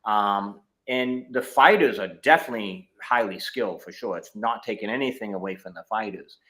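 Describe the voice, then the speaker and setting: A man's voice: lowish voice, moderate pace, bright, forceful tone. A middle-aged man, a martial arts instructor, telling his story in a casual interview over a video call, with many fillers and restarts.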